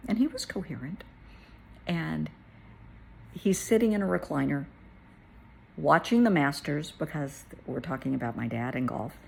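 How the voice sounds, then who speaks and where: A middle-aged woman tells a personal story, her voice gravelly and very husky. She speaks softly and tearfully, sometimes sinking to a whisper, with a fairly low pitch. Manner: tearful, soft-spoken, drops to a whisper at moments. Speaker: therapist.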